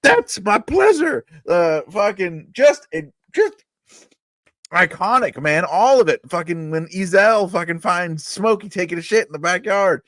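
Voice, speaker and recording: Excitable male podcast host, high-pitched, cursing freely, dry recording. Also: a little slow, dry recording. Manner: excitable, profane, laughs a lot. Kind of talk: casual chat.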